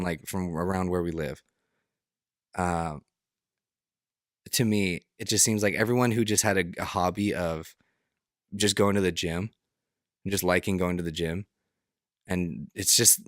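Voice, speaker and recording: A young man with a deep, low voice co-hosts a casual podcast. He rambles, restarts his sentences and leans on fillers. The sound is dry and close, with no room around it. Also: dry recording. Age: young adult. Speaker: podcast co-host. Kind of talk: casual chat.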